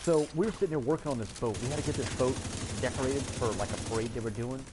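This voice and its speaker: A man chatting casually while he plays a game, rambling through stories and jumping into animated voices for the people he quotes. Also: medium pitch, quick pace, heavy background noise. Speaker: gaming streamer. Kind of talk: casual chat while gaming.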